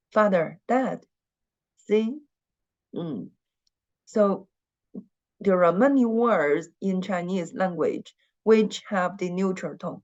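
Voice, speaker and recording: A woman teaching an online language class, speaking slowly and patiently and having students repeat after her. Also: mid-range voice, a little mellow, highs cut off. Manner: slow, patient, repeats words for students to echo.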